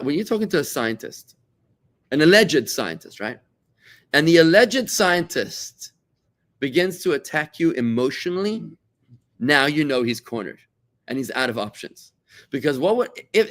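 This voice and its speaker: A man's voice: mid-range voice, big pitch swings, normal speed, a bit bright. A middle-aged rabbi from South Africa teaches in a loose, talkative way. He stumbles over repeated words as he goes and slips into put-on voices for the people he quotes. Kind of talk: conversational Torah class.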